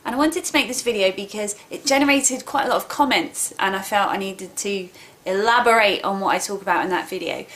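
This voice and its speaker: A woman's voice: mid-range voice, fairly bright tone. A woman, explaining earnestly to camera like a teacher. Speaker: English teacher.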